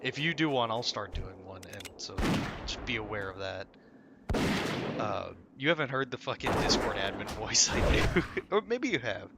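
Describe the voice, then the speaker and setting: Low-voiced guy streaming a game, rambles and swears a lot, loud gunfire in the background. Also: big pitch swings, normal speed, heavy background noise. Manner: rambling, swearing, laughing at own stories. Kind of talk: casual chat while gaming.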